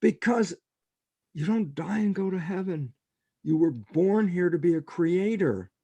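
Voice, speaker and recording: An older scientist, appearing as a guest on a podcast interview, tells stories in a high-pitched, husky voice at a slightly slow pace. He's an animated storyteller who acts out what the people in his tales said. The recording has no room sound.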